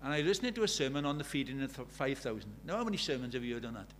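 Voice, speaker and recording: A man's voice: medium pitch, animated, very fast, a bit bright, slight background noise. A man preaching a sermon, telling stories in a conversational way and building to urgent emphasis.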